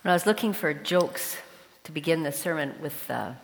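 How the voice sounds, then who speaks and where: A woman preaching a sermon in a church, her voice sitting a little low for a woman. She tells a joke first, then speaks straight to the congregation. A long reverb trails each phrase through the hall. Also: lively intonation, normal speed, creaky. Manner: warm storytelling with a joke, addressing the congregation.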